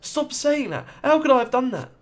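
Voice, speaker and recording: A man's voice: very high-pitched, big pitch swings, normal speed, voice pushed up. A man reading the lines of an anxious young noble son, flustered and pleading.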